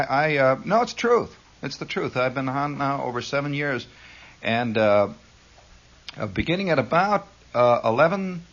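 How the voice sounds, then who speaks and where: Captured in dull lo-fi 1960s radio sound, a male host in a radio studio riffs through an improvised monologue. His voice is medium-pitched and a bit bright, his tone wry and needling, with now-and-then mock voices.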